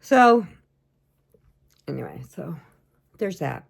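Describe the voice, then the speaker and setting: A woman's voice: on the low side, very animated, slow, gravelly, husky. A woman hosting a crochet channel, chatting casually and rambling as she shows off mail she got, laughing often. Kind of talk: casual chat showing happy mail.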